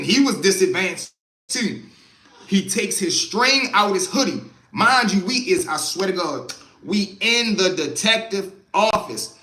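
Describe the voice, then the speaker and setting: Bright high-voiced man telling a story. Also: roomy sound, slight background noise. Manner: animated, profane, punctuates with "boom". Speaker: live-stream storyteller host. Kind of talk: casual storytelling.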